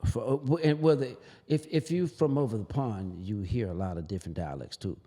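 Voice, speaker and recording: Man guest, animated storyteller, low husky voice, roomy long-reverb sound. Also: brisk. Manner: animated storyteller, slips into voices, laughs often. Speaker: comedian guest. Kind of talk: casual podcast chat.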